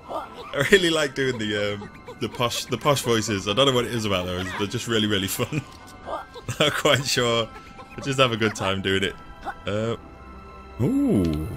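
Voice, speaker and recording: A man giving chatty, self-mocking gameplay commentary, laughing often as his pitch jumps around. Game music plays behind his voice. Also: very animated, measured pace, long pauses, sharp tone. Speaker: let's play host.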